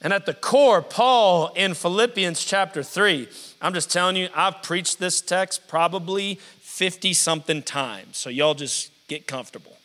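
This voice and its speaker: A man preaching a lively call-and-response sermon, stretching out scripture words for emphasis. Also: sits high. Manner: energetic, drawn-out emphasis on scripture. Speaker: pastor. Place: church sanctuary. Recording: live sermon in a reverberant hall.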